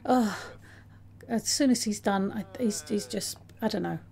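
Chatty woman with a gravelly edge. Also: medium pitch, measured pace, mellow. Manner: chatty, talks to her sims, laughs often. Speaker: let's play host. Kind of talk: casual gameplay commentary.

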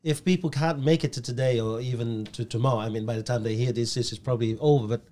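A man hosts a podcast interview at a middling pitch. He asks his questions haltingly, often doubling back on words, and answers his guest with quick affirmations. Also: steady tone, warm tone, a little hiss or hum. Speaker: podcast host.

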